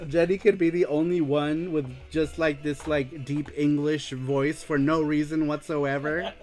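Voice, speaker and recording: A man hosting a casual livestream show, excitedly reading viewer comments aloud and laughing often. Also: a little high, slow. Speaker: show host.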